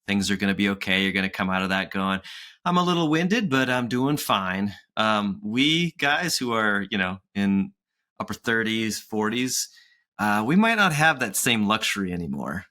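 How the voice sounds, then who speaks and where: A man's voice: lowish voice, animated, normal speed, sharp tone. A man in his forties, co-hosting a podcast in a chatty, casual way, laughing often and acting out quotes. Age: 40s. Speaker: podcast co-host.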